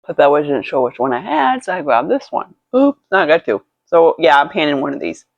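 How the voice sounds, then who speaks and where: A woman's voice: low-pitched, sing-song, brisk, vocal fry, dry recording. A woman chatting casually while doing her makeup, rambling through a story with lots of swearing and restarts. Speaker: beauty vlogger. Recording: dull lo-fi, dry sound.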